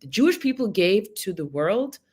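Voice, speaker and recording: A woman's voice: mid-range voice, big pitch swings, moderate pace, darkish tone, breathy edge. A woman guest scholar and teacher in a discussion, speaking emphatically and repeating herself for stress. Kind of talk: conversational discussion.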